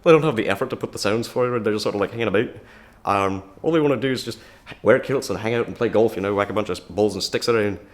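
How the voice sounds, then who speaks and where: A man's voice: fairly low pitch, fast talker, close to an everyday voice. A man voicing a laid-back Scottish man with a Scottish accent, with throaty sounds from the back of the throat and a lazy drawl.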